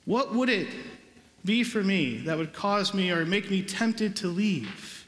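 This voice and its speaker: Emphatic priest in a reverberant church. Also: male voice, sits high, lively intonation, slow pace, fairly bright tone. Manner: emphatic, conversational preaching with rhetorical questions. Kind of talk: sermon. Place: large church. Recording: echoey church with long reverb.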